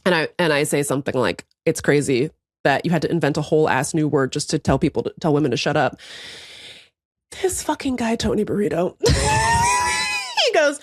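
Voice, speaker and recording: A woman's voice: sits low, wildly swooping pitch, normal speed, slightly rough, dry recording, shouting, clean studio sound. An American woman co-hosting a podcast, telling a story with lots of swearing and laughter. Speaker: podcast co-host. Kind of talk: casual chat.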